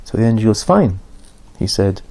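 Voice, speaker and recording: This Islamic teacher speaks at a moderate pace, his lowish voice gravelly and warm. Giving an informal religious lesson, he tells stories like a conversation, raising his voice whenever he acts out the dialogue.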